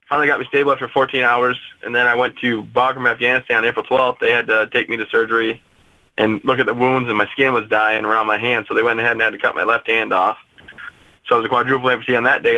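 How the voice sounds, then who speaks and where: A man in his twenties telling a personal story as an interview guest, steady and matter-of-fact. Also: mid-range voice, no room sound, lo-fi sound. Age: 20s.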